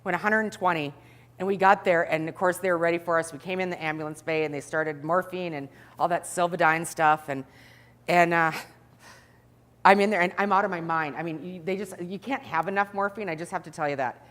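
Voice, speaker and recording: A middle-aged woman telling a story to an audience in an animated way, acting out the scenes. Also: on the low side, brisk, long reverb tail. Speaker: speaker.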